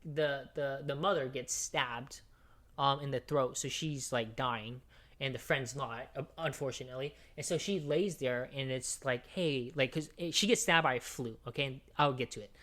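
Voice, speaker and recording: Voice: mid-range voice, normal speed, a bit bright. A podcast co-host giving a long, rambling movie recap that is full of swearing, fillers and restarts. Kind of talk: casual podcast chat.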